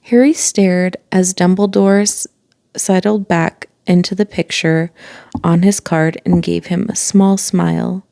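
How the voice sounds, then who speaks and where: A woman reading a children's chapter book aloud in a calm, unhurried way, with the odd aside. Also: fairly low pitch, vocal fry, no room sound, studio quality. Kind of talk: storybook read-aloud.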